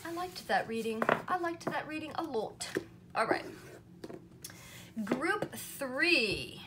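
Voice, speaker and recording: A woman's voice: sits high, sing-song, slow, heavy background noise. A woman doing a casual pick-a-card tarot reading to camera, chatty and reassuring, often checking in with "right?" and "you know". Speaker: tarot reader.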